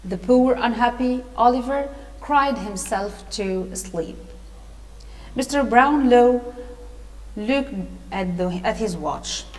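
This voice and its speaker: An Egyptian-accented woman teacher patiently reads a story and explains new words. She speaks slowly in a high voice, with hesitations. Her voice rings in an echoey room. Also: a little mellow. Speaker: English teacher. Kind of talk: reading a storybook and explaining vocabulary.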